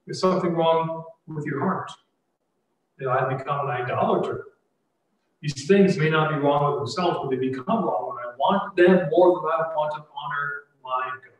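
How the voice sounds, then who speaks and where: A man's voice: on the high side, moderate pace. A man in his forties preaching a sermon, earnest and conversational, full of rhetorical questions. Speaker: pastor. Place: church sanctuary. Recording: echoey church hall, mic heard from a distance.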